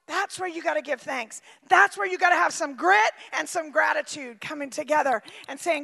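A woman preaches with a very high, bright voice edged with gravel. She swings from shouting to near-quiet, and her words ring with the long reverb of a large hall. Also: normal speed, hardly any pauses. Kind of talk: sermon.

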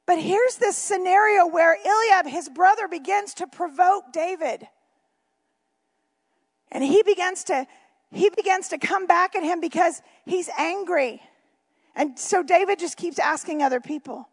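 A woman preaching to her congregation in a strikingly high voice that carries a gravelly edge of fry. She reads scripture and drifts into casual, joking asides as she goes. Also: unhurried, long pauses. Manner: chatty asides and jokes to the congregation. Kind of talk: sermon with Bible reading.

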